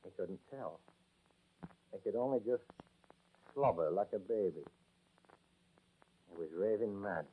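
Yorkshire corporal, gruff. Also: male voice, lowish voice, animated, measured pace, pauses often, heavily acted. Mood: ominous. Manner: folksy, ominous storytelling with "aye" and "lad". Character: gruff, friendly Yorkshire lance corporal, older drill master. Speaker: army corporal. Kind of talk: 1940s radio acting. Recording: tinny old radio broadcast recording.

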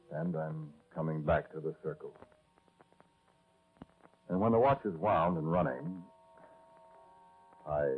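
An actor with an American accent playing a young soldier turned ex-convict, narrating and talking in a 1940s radio drama. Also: male voice, sits low, lightly acted. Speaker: narrator and lead character. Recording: tinny old radio broadcast recording.

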